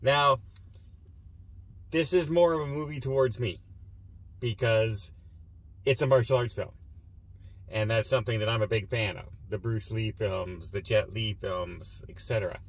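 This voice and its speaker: A man's voice: on the low side, a little slow, long pauses. A man hosting a movie review show, chatting casually and with animation about a film he just saw.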